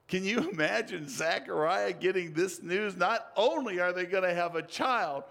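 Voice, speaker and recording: A man preaching a sermon, telling a story dramatically with big swings in pitch and loudness.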